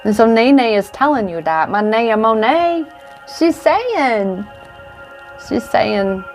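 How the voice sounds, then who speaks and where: An intuitive coach and tarot reader in her forties gives a heartfelt, affirming card reading on a livestream, speaking indoors to a camera. Her voice is slightly high and lively in intonation, her pace slow, with soft music playing behind her.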